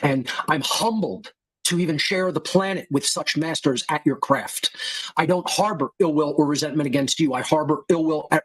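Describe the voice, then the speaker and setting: A man's voice: a little high, slightly rough. A man hosting a podcast, lecturing his listeners in a heated, contemptuous rant full of insults and profanity. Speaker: podcast host.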